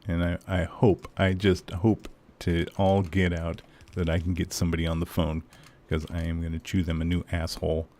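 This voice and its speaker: Low gravelly man ranting on stream. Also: completely flat delivery, normal speed, hardly any pauses, mellow. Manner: swearing, ranting, frequent fillers. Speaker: game streamer. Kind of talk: casual live-stream chat.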